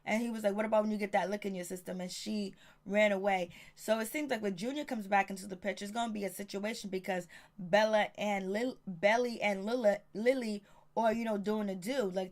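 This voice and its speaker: A woman giving a casual, outspoken reality TV recap, chatty and profane, quoting the cast in quick snippets. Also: mid-range voice, fairly even intonation. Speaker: show reviewer.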